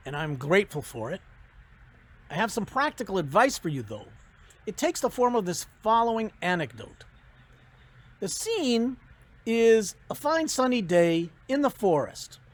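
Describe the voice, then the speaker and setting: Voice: mid-range voice, dry recording. A professor giving a commencement speech, telling jokes and giving advice in a storytelling manner.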